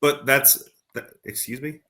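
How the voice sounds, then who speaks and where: A man's voice: medium pitch, fairly even intonation, a little slow, a loud crowd. A man co-hosting a podcast, joking with his co-host and then giving motivational advice about growth. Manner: teasing, motivational, builds points with examples. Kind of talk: casual podcast chat.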